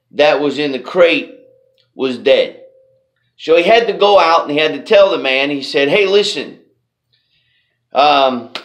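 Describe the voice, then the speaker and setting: A man with a fairly high voice gives a motivational storytelling talk. He speaks slowly and deliberately and leans on repeated phrases. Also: fairly bright tone.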